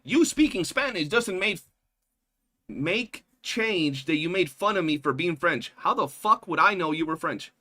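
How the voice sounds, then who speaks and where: Slangy New streamer guy, bright voice. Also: high-pitched, lively intonation, a little slow. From New York. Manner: loose, profane, slangy, keeps saying bro. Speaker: livestreamer. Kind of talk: casual chat with viewers.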